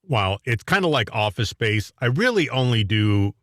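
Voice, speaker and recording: A man co-hosting a casual radio talk show, opinionated and quick to chuckle. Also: mid-range voice, very animated, fairly bright tone, dry recording, studio quality.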